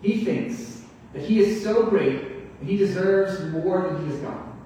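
A man's voice: sits high, unhurried, mellow, a little hiss or hum. Man preaching in an echoey hall. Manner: earnest, expository, asks rhetorical questions. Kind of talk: sermon. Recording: echoey hall, mic far off.

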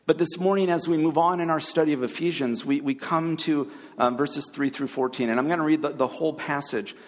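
A man preaching a conversational sermon as a pastor, pausing often with fillers and restarts. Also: fairly high pitch, long reverb tail.

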